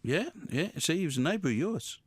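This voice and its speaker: With a highish, slightly rough voice, this male radio host is very animated and fairly quick. Recorded with no room sound, he rambles through jokey live banter with studio guests, teasing them and mocking himself.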